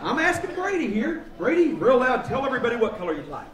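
A man's voice: very high voice, wildly swooping pitch, quick pace. A man performing as a children's entertainer at a live library show, playfully clowning and throwing questions out to the audience. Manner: playful, clowning, mock-silly with the kids. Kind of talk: live kids' show patter. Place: library event room, indoors. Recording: echoey hall, recorded from far off. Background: loud noisy children's crowd.

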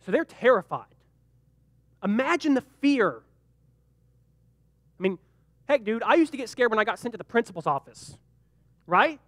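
A young man leading a youth group Bible lesson, joking and animated, briefly acting out the characters in the story. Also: extremely high pitch, no echo. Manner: animated and joking, acts out quick character voices. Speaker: youth pastor.

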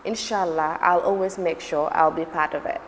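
A woman's voice: on the low side, fairly even intonation, normal speed. A woman from Gambia, a TV presenter, talking as an interview guest, switching between Wolof, English and French and telling stories with animation. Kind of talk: interview conversation. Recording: long reverb, faint room noise.

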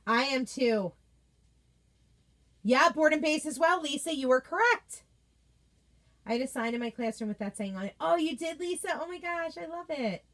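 An enthusiastic woman hosts a casual unboxing chat from her home office. She gushes over each item and answers her viewers in a chatty, excited way. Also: high voice, normal speed, pauses often. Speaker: craft product seller and video host.

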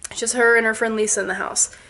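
A woman in her twenties, a vlogger, telling a ghost story to camera in an animated way, with sound effects and quoted voices. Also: a little high, fast talker. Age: 20s.

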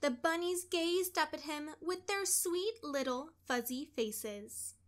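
Expressive and deliberate, a woman reads a children's tale aloud in a high-pitched voice, the way a storyteller would.

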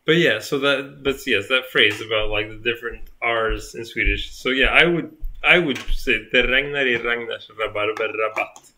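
A man's voice: medium pitch, moderate pace, hardly any pauses, sharp tone. A tired young man chatting casually on a live stream, rambling with lots of fillers and restarts. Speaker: co-host.

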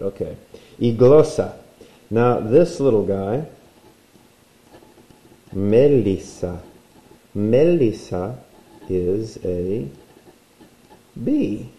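A man's voice: fairly low pitch, lively intonation, extremely slow, long pauses, mellow, echoey room, poor audio. A man teaching a recorded language lesson, playful and explaining while he draws.

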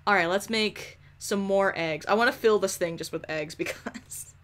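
A young woman giving casual, animated commentary over a life-simulation game, swearing often and scolding the characters. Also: medium pitch, normal speed. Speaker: gameplay commentator.

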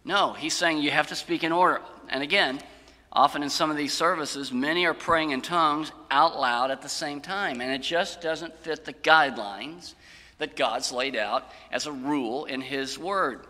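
Pastor preaching in a big sanctuary, earnest with dry wit, somewhat high and bright, lingering hall echo. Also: male voice, normal speed. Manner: earnest, plain-spoken, dry humor. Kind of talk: sermon. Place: church sanctuary. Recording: long church-hall reverb.

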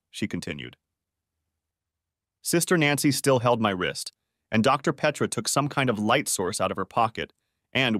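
A man narrating a first-person story in a steady storytelling manner, close to the mic. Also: lowish voice, no room sound.

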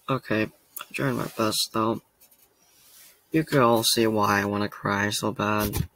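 Low, gravelly man rambling to camera. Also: fairly even intonation, slow, long pauses, fairly bright tone. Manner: rambling, emotional, self-deprecating, laughs often. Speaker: reaction channel host. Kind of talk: casual reaction vlog to camera. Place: home room.

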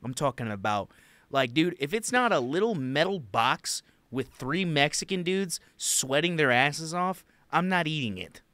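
A man's voice: on the high side, expressive, a little slow, pushed and bright, dry recording. A young man hosting a comedy podcast, telling rambling, giggly stories in casual chat.

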